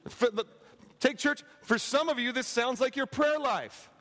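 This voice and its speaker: A man preaching a sermon as pastor, animated and joking with his congregation, acting out voices. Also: very high-pitched, a little slow. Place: large church hall. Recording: echoey church hall.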